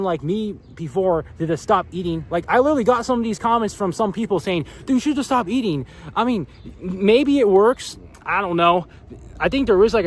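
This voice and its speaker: Young male vlogger, fairly high pitch, animated profane rant, lots of "like". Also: a little hiss or hum. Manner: animated, profane, filler-heavy. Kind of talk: casual ranting monologue.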